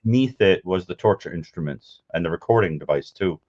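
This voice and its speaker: A man chatting as a guest about his collection of crime memorabilia, talking in an unhurried, rambling, matter-of-fact way. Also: low voice, a little mellow, lo-fi sound. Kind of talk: casual show-and-tell chat.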